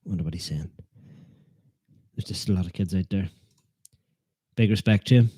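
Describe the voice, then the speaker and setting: A man hosts a live football watchalong, joking at his own expense and needling the chat. His voice sits low and mellow. The sound is dry and close. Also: normal speed, husky, dry recording. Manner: joking, self-deprecating, teasing viewers. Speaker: fan channel host.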